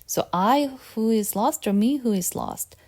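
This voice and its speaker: Female tutor, mellow tone, patient, repeats and quizzes. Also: a little high, animated, measured pace. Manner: patient and repetitive, asks quiz questions. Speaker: Korean language teacher. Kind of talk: lesson.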